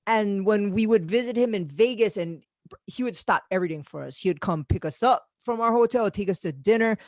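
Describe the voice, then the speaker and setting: A man, hosting a podcast and telling stories in casual chat, animated and swearing freely. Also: high voice, fairly quick, dry recording. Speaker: podcast host.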